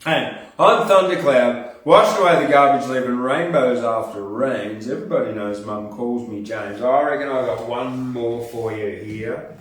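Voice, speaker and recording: Male poetry host, unhurried delivery, distant mic with heavy room echo. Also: mid-range voice. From Australia. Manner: laid-back, chatty between poems. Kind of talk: relaxed poetry reading. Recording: very echoey room, voice far from mic.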